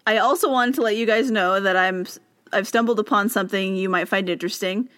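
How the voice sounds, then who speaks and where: A woman's voice: mid-range voice, brisk, fairly bright tone, no echo. A woman co-hosting a podcast in casual chat, chatty and given to tangents and laughter. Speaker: podcast co-host.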